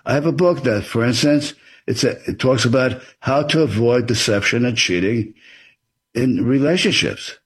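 A man's voice: mid-range voice, moderate pace, slightly rough. A man being interviewed as an author, explaining things in an earnest, advisory way. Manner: earnest and advisory, acts out example dialogue.

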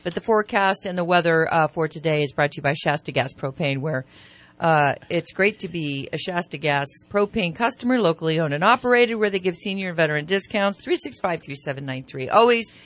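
A woman's voice: fairly low pitch, expressive, brisk. A woman co-hosting a morning radio show, chatting through the weather and local news with many fillers. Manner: chatty, hesitant, many fillers, laughs often. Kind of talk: casual morning radio chat.

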